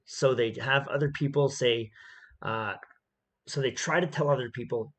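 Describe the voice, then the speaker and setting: A man's voice: mid-range voice, normal speed, fairly bright tone. A man giving opinionated commentary on a video clip, emphatic and repetitive, often checking in with "okay?".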